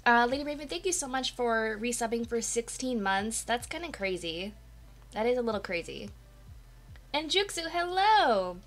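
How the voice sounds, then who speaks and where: Streaming from her home apartment on a desk mic, a woman chats casually with live viewers, greeting them by name. Her voice, on the high side and at a moderate pace, is a bit dry and coughy since she just woke up, though she's bubbly and talkative.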